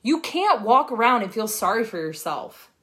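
A woman's voice: fairly high pitch, big pitch swings, moderate pace, a bit bright. A woman coaching her team on a livestream from her phone, talking in a blunt, profane, fired-up way. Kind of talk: livestream pep talk.

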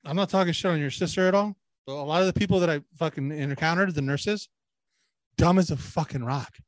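A man's voice: a little high, a little fast, dry recording. A man with a slightly raised voice rambles through crude stories on a casual podcast, swearing freely. He slips into the voices of people he quotes. The sound is dry and close. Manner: profane, rambling, mimics people in quoted asides. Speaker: podcast co-host.

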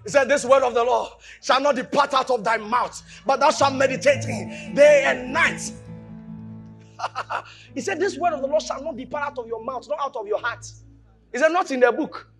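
A man preaching a sermon, animated, shouting at times, mimicking voices and laughing. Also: very high-pitched, moderate pace, soft background music. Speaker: pastor.

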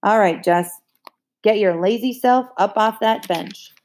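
A woman's voice: mid-range voice, unhurried, darkish tone, lightly acted. A woman voicing a stern, tired farm mother who scolds her children curtly. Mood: scolding. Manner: scolding, curt.

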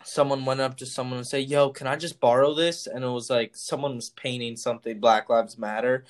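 A young man co-hosting a podcast, cutting in with dry wisecracks and quick questions. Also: medium pitch, fairly even intonation. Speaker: podcast co-host. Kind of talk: casual chat.

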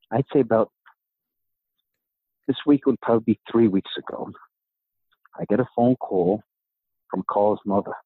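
A man's voice: fairly low pitch, breathy edge, no echo. A middle-aged man from New York telling a long story in a podcast interview, acting out the voices of the people in it. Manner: animated storyteller, acts out quoted dialogue. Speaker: guest, author and gym owner. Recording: tinny phone-like sound.

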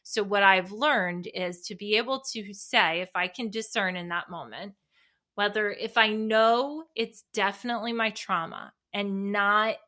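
A woman's voice: mid-range voice, measured pace, bright, forceful tone. A woman hosting a solo podcast, talking candidly and reflectively in a loose, conversational way with frequent restarts. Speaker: podcast host.

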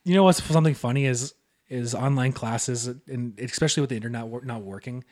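A man's voice: mid-range voice, fairly quick, darkish tone. A young man, co-hosting a podcast in casual chat, ranting animatedly with profanity. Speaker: podcast co-host.

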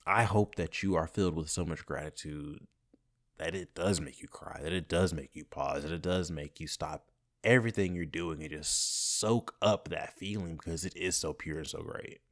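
A young man hosting his own podcast, talking casually and swinging from soft, grateful reflection to loud, playful bursts. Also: low-pitched, moderate pace. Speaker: podcast host. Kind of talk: casual solo podcast monologue.

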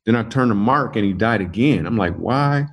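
A man, a comedian, telling funny personal stories in an interview, animated and laughing through his jokes. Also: fairly low pitch, brisk, breathy edge. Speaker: comedian guest. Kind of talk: casual interview storytelling.

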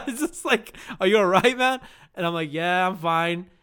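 High-voiced young guy, smooth and loose. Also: lively intonation, takes it slowly, bright, forceful tone. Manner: profane, laughing storyteller acting out voices. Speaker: delivery driver telling a story. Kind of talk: casual chat.

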